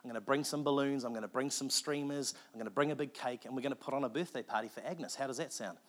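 A man voicing an earnest preacher who persuades gently and quickly. He speaks in a sermon story. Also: medium pitch, voice pushed up, natural voice. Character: kindly visiting male preacher.

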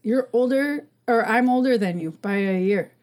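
Woman, forties, podcast guest; playful and teasing, a touch higher-pitched, laughs a lot. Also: moderate pace. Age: 40s. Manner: laughs often, teasing and animated. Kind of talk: casual chat.

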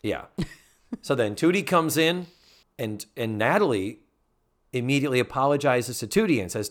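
A man's voice: medium pitch, animated, moderate pace, pauses often. A man co-hosting a casual podcast, recapping a TV episode and acting out the characters' lines. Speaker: podcast co-host.

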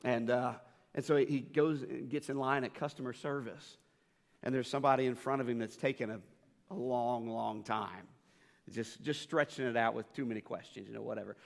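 A middle-aged male pastor preaching in a church sanctuary, his voice sitting at an ordinary pitch. He tells stories with earnest emphasis and circles back to repeat his main points. The sound carries the long reverb of a big hall. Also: steady tone, moderate pace, vocal fry. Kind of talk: sermon.

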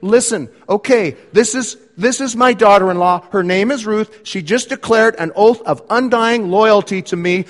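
A man acting out a bitter, self-pitying older woman who complains loudly about her misfortune. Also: high-pitched, lively intonation, normal speed, long reverb tail. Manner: whiny, self-absorbed, emphatic.

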